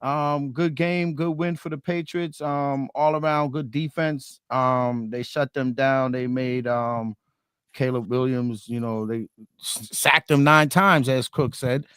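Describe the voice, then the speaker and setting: A man's voice: medium pitch, steady tone, takes it slowly, fairly bright tone, clean tone, dry recording, clean studio sound. A man hosting a casual sports podcast, talkative and prone to repeating words as he builds a point. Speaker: podcast host.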